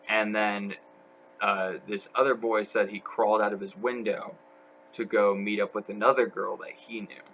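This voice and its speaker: A man's voice: on the low side, flat delivery, moderate pace, fairly bright tone, a little hiss or hum, rough recording. A young man talking as a podcast guest, telling stories in a rambling way full of fillers. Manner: rambling, filler-heavy storytelling. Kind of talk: casual podcast chat.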